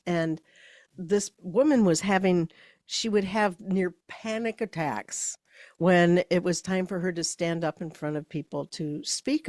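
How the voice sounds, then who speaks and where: A woman's voice: on the low side, darkish tone, dry recording, clean studio sound. A woman co-hosting a podcast about leadership, telling coaching stories in a reflective, conversational way. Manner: storytelling, reflective, quotes her own dialogue.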